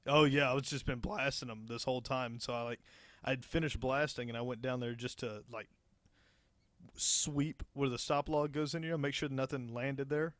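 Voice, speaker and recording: A young man on a podcast, easygoing and profane, laughing his way through a story from work. His medium-pitched voice sits close to the mic in a dry, dead room. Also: steady tone, moderate pace, a bit bright, dry recording. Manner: laid-back, profane, laughing through anecdotes. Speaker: podcast co-host. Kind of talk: casual storytelling chat.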